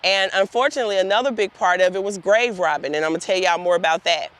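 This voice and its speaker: A woman's voice: mid-range voice, fast, fairly bright tone. A woman giving a guided tour outdoors in a cemetery, telling heartfelt stories straight to her group of volunteers. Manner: earnest, heartfelt storytelling addressing the group directly.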